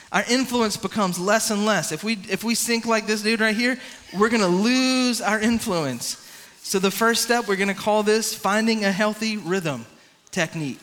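A man preaching a lively youth sermon, coaching a volunteer through swimming moves and calling on the crowd. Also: high voice, long reverb tail, slight background noise. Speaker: youth pastor.

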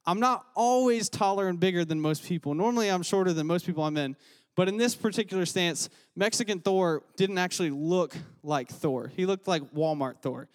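A man's voice: high-pitched, a little fast. A young man giving a casual, story-filled sermon as a youth pastor. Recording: long hall reverb.

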